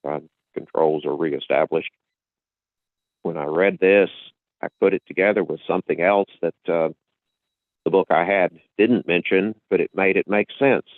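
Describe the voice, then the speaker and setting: A man with a very low voice talks at length in a lecturing way, circling back and repeating himself as he builds his point. His voice comes through a thin, phone-like line with a dry, close sound. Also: normal speed, no echo. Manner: lecturing, with frequent restarts and repetitions. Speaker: podcast host. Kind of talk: casual explanatory talk.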